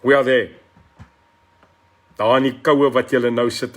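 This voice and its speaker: This political talk show host is a middle-aged South African man with a medium-pitched voice, a fairly even intonation, and a moderate pace broken by frequent pauses. On his live stream he speaks impassionedly in a South African accent, slipping into Afrikaans and calling out viewers by name.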